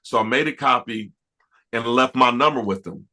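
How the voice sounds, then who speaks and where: A middle-aged man talks in a bright, ringing voice at a medium pitch. He tells his story as an interview guest, animated and full of restarts. He often breaks into laughter along the way. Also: moderate pace.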